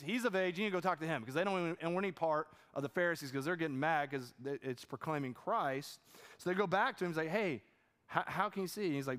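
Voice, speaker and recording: A man's voice: a little high, quick pace, a bit bright, smooth. Impassioned preacher man in echoing church. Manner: impassioned, conversational preaching with repeated phrases. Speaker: pastor. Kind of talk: sermon. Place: church auditorium. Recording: church hall with long reverb.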